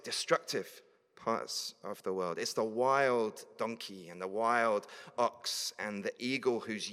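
A man's voice: mid-range voice, a bit bright. A man preaching a sermon, reading scripture verses aloud and then explaining them in a conversational way. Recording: long reverb of a large hall.

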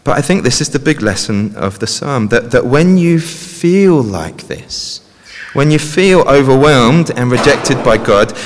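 A man's voice: medium pitch, animated, a little slow. Aussie guy giving a sermon, easygoing, keeps saying "isn't it", long church reverb. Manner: conversational, frequent tag questions. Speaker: preacher. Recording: long reverb of a large hall.

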